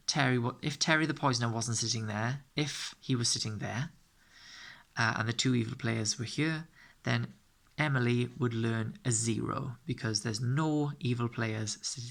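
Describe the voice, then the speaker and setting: A man's voice: mid-range voice, vocal fry, pushed and bright. A man explaining the rules of a game step by step. He often checks in with "okay?" and corrects himself as he goes. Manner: frequent fillers and self-corrections. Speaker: game tutor.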